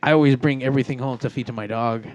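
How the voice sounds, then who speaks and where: A man's voice: medium pitch, fairly even intonation, racing, muffled recording. A man on a live podcast talking bluntly and swearing freely in casual chat.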